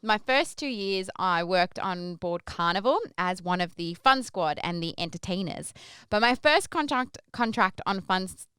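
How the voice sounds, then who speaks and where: A woman's voice: mid-range voice, a little slow, clean tone, no room sound. A young adult Australian woman hosting a podcast, telling a long story in a chatty, rambling way. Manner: chatty, rambling, lively when acting out her stage intros. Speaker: podcast host. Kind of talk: casual storytelling.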